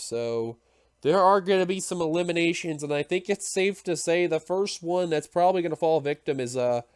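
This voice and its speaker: High-pitched excitable male race caller. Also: no echo, clean studio sound. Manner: excitable, builds to shouting at the finish. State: out of breath. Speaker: race commentator. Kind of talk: sim racing play-by-play commentary.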